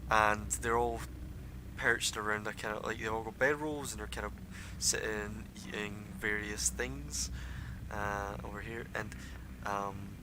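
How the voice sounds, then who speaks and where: A man runs a tabletop game as game master, narrating casually with plenty of fillers and pauses. His voice sits on the low side. The sound is noisy and rough, like a low-quality stream recording.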